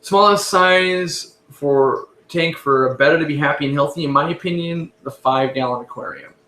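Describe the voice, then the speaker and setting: A man hosting a casual live stream, answering viewer questions in a relaxed, rambling way and often correcting himself. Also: a little high, normal speed, echoey room, slight background noise.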